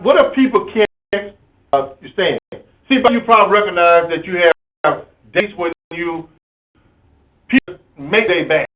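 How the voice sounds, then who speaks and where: A man giving a business training lecture, speaking emphatically, repeating key phrases and acting out examples. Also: sits high. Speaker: corporate trainer. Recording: tinny phone-like audio.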